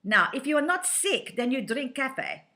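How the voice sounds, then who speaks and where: A woman's voice: sits high, big pitch swings, moderate pace, pushed and bright, voice pushed up, heavily acted. A woman voicing an insistent elderly lady with a German accent, fussing emphatically about coffee and tea. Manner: emphatic, repetitive, scolding-playful.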